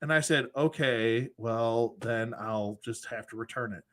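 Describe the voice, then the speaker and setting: A man's voice: mid-range voice, moderate pace, few pauses, fairly bright tone. A man hosting a collectors' show, telling a frustrating customer service story in a casual, exasperated way with acted quotes. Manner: exasperated, retells phone calls in acted quotes.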